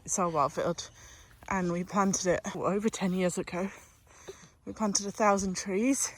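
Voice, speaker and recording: A young mother chatting casually to camera in a home vlog, thinking aloud and talking to her baby in a sing-song voice. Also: mid-range voice.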